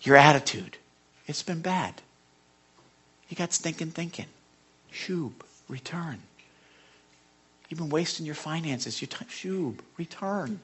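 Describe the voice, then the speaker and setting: An excitable preacher in the middle of a sermon, jumping from loud, rising exhortation to near-hushed asides. The pitch sits in a middling range, and the delivery is full of restarts and self-corrections. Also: normal speed, long pauses, husky. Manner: animated, swinging between loud exhortation and hushed soft lines.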